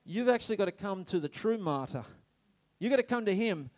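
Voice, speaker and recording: A man preaching a sermon, animated, shouting some phrases and dropping to quiet asides, stammering when excited. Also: high-pitched, fairly quick. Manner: animated, swings between loud shouts and quiet asides, laughs often.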